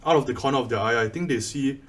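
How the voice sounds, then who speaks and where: A man's voice: medium pitch, fast talker. A man narrating his solo tabletop game, thinking aloud as he rolls dice, with bursts of laughter. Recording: voice a bit far from the mic, faint music behind.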